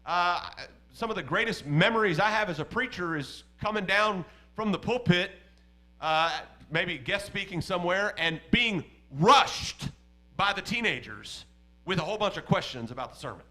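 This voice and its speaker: A man preaching a sermon, emphatic and animated, swinging between loud stresses and hushed asides. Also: high voice, moderate pace, poor audio.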